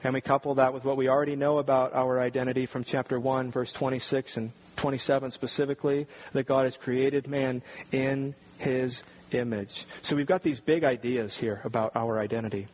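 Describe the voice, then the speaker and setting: A man's voice: medium pitch, steady tone, brisk, hardly any pauses, a little mellow. A man preaching a sermon, earnest and building to emphatic points. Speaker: pastor.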